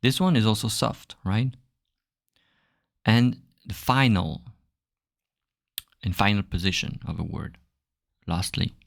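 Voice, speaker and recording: A man with a French accent hosting a podcast French lesson, relaxed and searching for words, with many fillers as he explains. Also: on the low side, creaky, no room sound, studio quality. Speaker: French teacher, podcast host.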